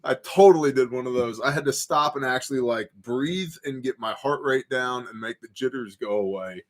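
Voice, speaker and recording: Sitting on his home porch, the host of a prepper livestream talks at a normal speed in a mid-range voice. He's relaxed, reading out viewer comments and drifting into long, filler-heavy stories.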